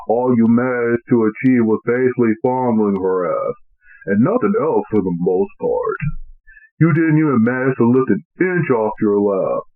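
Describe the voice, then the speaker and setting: A man narrating an amateur fan fiction reading with halting, read-aloud phrasing. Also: on the low side. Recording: tinny, phone-like lo-fi audio.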